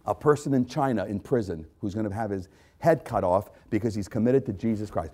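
A man preaching a sermon with passion, repeating lines and swinging from loud outbursts to quiet, intense remarks. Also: fairly low pitch, animated, a little fast. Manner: impassioned, repetitive, swings loud to soft. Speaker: pastor.

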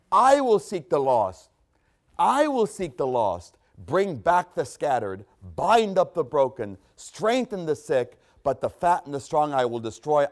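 A male preacher delivering an expository sermon in a voice set a touch higher than most men's. He reads long scripture passages and comments on them, with a lively, rising and falling delivery. He repeats key phrases for emphasis and clears his throat from time to time.

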